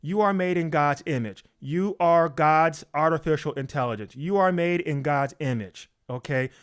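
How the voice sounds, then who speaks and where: A man's voice: on the high side, normal speed, clean tone. A man preaching emphatically, repeating his points, asking rhetorical questions and often checking in with "okay?".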